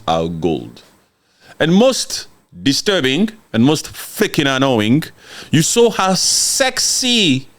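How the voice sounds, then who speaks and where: A man from Congo giving an impassioned, mocking political rant, repeating words for emphasis and answering viewer comments. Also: medium pitch. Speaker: live-stream political commentator.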